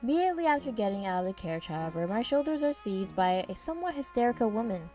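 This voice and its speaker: A woman's voice: mid-range voice, sing-song, quick pace, warm tone, soft background music. A woman narrating a first-person story in a descriptive, wry way.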